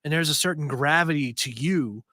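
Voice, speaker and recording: A man's voice: fairly high pitch, normal speed, bright, forceful tone, no room sound, clean studio sound. A man co-hosting a podcast, talking enthusiastically in casual panel chat, rambling a little with fillers. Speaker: podcast co-host.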